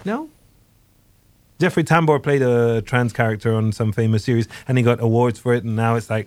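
A young man chatting on the radio, rambling and self-interrupting with frequent laughter. His voice sits at an ordinary middle pitch. The studio sound is dry and close. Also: brisk, darkish tone, no echo. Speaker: radio presenter reviewing a series. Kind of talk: casual radio chat.

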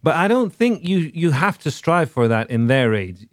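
Speaking at normal speed in a high-ish, very animated voice, a man co-hosts a podcast recorded in a clean studio with no room sound. His casual chat rambles along, full of fillers and restarts.

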